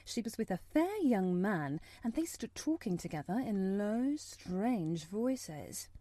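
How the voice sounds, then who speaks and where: An audiobook narrator with a medium-pitched voice reads a story aloud in a measured, expressive way. The recording is dry.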